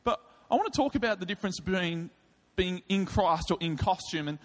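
A man preaching a sermon, telling a comic story in an animated way with quick asides. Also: sits high. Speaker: pastor. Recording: reverberant hall.

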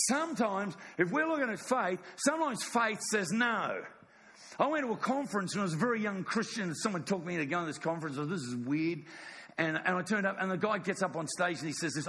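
A man's voice: fairly high pitch, animated, fairly quick, fairly bright tone, big-room sound. A middle-aged man preaching a sermon in a church, emphatic and repetitive, often asking the congregation "yes or no?". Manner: emphatic, repeats phrases, asks congregation "yes or no?". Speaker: pastor.

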